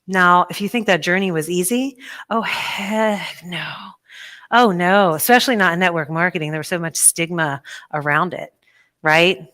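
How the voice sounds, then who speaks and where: A woman gives a motivational talk at a conference, with a bright, forward voice. She tells her story in an animated way and acts out the voices of the people in it. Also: on the low side, fairly quick. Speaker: conference speaker. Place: conference hall.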